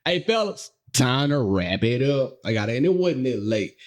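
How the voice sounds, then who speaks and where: A man's voice: medium pitch, moderate pace. A man co-hosting a podcast in casual chat, telling stories playfully, laughing often and speaking straight to listeners. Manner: playful, animated storytelling with frequent laughs; addresses listeners directly. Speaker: podcast co-host.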